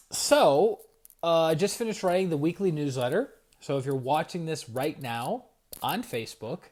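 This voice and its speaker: A man in his forties streams from home at night, chatting casually about spiritual growth. His voice sits slightly high, and he tells stories in an animated, meandering way, with restarts and quick shout-outs to viewers. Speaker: spiritual coach and livestream host. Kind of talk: casual livestream talk.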